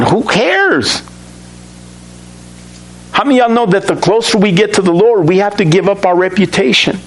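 Man preaching with lively call-and-response. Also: sits high, normal speed, long pauses, low-quality recording. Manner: acts out the Bible characters' lines with feeling. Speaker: pastor. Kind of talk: sermon.

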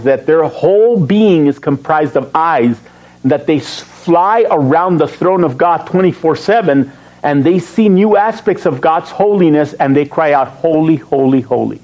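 A man's voice: fairly high pitch, normal speed, poor audio. A man preaching a sermon as pastor, reading scripture aloud and asking his congregation questions, chuckling between points. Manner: animated, asks the congregation questions and answers himself.

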